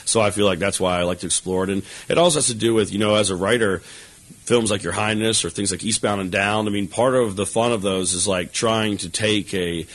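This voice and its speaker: Deep-voiced man rambling through interview answers. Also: brisk, poor audio. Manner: relaxed, rambling, heavy with fillers like "you know". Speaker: actor and co-writer being interviewed.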